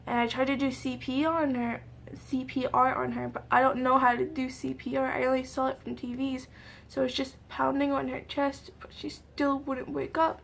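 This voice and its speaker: A young woman recounts a painful memory to her camera, pausing often and leaning on fillers as she goes. Her voice sits fairly high but stays flat and narrow in pitch. A faint hiss runs under the recording. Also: creaky. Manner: halting, tearful retelling with many fillers. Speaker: vlogger. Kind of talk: emotional storytime vlog.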